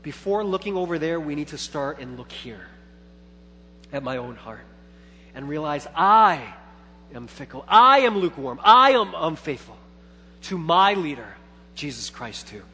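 Bright-voiced pastor preaching in a reverberant hall. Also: male voice, a little high, measured pace. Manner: animated storytelling, acts out his own thoughts with big swings in loudness. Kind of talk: sermon. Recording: long church hall reverb with faint hum.

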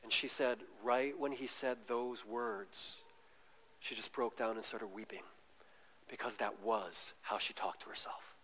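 A man preaching a sermon in an animated way, acting out quoted voices as he tells stories. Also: medium pitch, a little slow. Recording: long reverb of a large hall.

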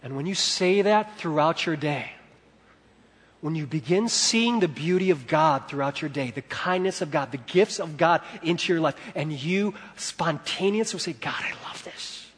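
A man preaching a sermon as a pastor, telling stories with animation and moving between loud and hushed delivery. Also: on the high side, moderate pace, breathy edge, in a large hall.

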